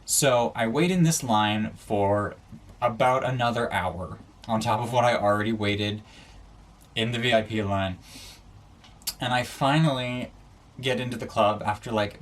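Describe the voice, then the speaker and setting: A young man vlogging a ranting story, exasperated and animated, full of "like"s. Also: mid-range voice. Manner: exasperated, animated venting with many "like"s.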